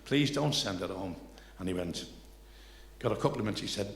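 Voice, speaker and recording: An older man with a Liverpool accent telling rambling, salty anecdotes live on stage, building excitement toward each punchline. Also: fairly low pitch, a little fast, pauses often. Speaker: comedian telling stories. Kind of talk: live stand-up storytelling. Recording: echoey live venue, faint noise.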